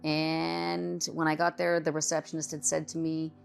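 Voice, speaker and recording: A woman's voice: deep voice, completely flat delivery, moderate pace, gravelly, clear, resonant tone, faint music behind. A middle-aged woman candidly telling her own story as a cancer patient, in a conversational personal testimony.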